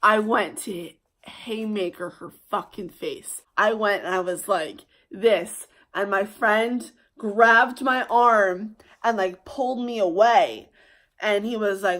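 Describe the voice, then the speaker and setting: Young woman, storytime vlogger; bright, fired-up delivery, cursing freely, quick bursts. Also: medium pitch. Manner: heated, swearing, fast bursts. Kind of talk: storytime vlog.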